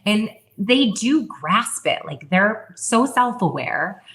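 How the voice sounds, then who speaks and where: A woman's voice: medium pitch, big pitch swings, slow pace, a bit bright. A woman in her thirties talking as a podcast guest in casual conversation, full of "like" fillers and self-restarts. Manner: chatty, many "like" fillers and restarts. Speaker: podcast guest, wellness founder. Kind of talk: casual interview chat.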